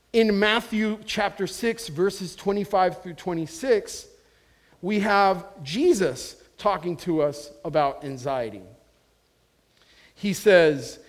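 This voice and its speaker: A man preaching a sermon as pastor, in an earnest, conversational way with some restarts. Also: sits high.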